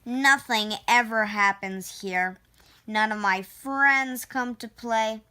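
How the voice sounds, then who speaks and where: A woman's voice: on the high side, clear, resonant tone. A woman reading as a bored shepherd boy. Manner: drawn-out, sighing complaints, shouted alarms. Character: bored young shepherd boy, restless and scheming.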